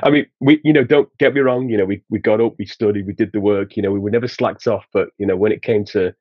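Speaking quickly in a lowish, fairly even voice, a podcast guest from Sheffield, England, with a Yorkshire accent spins casual, laugh-filled anecdotes and frequently restarts. There's no room sound, and the recording's high frequencies are cut off.

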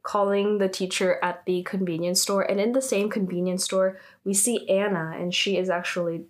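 Brief: young woman, casual drama-recap vlogger, mid-pitched, talkative, reacts with bursts of amusement. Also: normal speed. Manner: chatty, heavy use of "like", animated reactions. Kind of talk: casual retelling of a drama episode.

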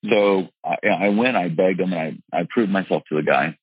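A man's voice: low voice, moderate pace, breathy edge, no room sound, highs cut off. A man telling his personal story in an interview in an earnest, emphatic way, restarting often as he goes. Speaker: real estate investor and seminar teacher.

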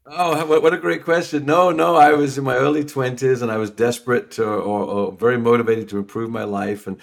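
A middle-aged man from London with a London accent, chatting as a podcast guest, warm and rambling with many restarts. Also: medium pitch, fairly even intonation, a little fast, creaky. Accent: London English. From England. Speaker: podcast guest, new home sales trainer. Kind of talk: casual interview chat.

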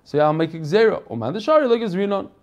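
High-voiced man teaching a Talmud class. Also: lively intonation, very fast, a little mellow. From United States. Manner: reads Aramaic text in a singsong, then explains it in casual English; informal, chatty asides to the class.

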